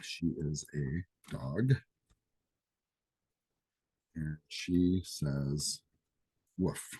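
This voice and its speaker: A man's voice: sits low, expressive, measured pace, darkish tone, slightly rough, dry recording. Man, programming instructor, casual chatty lecture, dry close sound. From Greece. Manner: casual, chatty, with asides and laughs. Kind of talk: live class lecture with coding demo. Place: classroom or office during live session.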